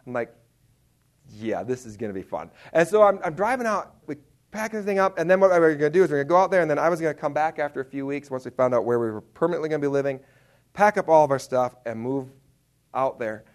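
Male preacher, slightly high voice, lively self-mocking storyteller, acts out his reactions. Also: racing. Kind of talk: humorous sermon storytelling.

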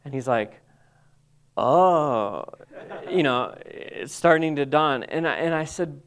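Man telling an emotional story, smooth voice. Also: on the high side, a bit bright. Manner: halting, emotional storytelling with many restarts. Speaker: Bible college staff member. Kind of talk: personal testimony talk.

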